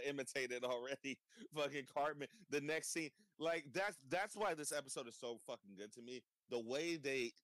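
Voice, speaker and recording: A man's voice: medium pitch, a bit bright, no echo. A young man hosting a casual chat, laughing often, swearing freely and rambling about a cartoon episode. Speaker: podcast host.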